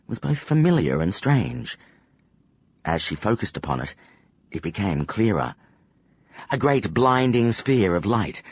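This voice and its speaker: A man narrating an audiobook in a scripted, expressive and dramatic storytelling style. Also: lowish voice, slightly rough, no echo, muffled recording.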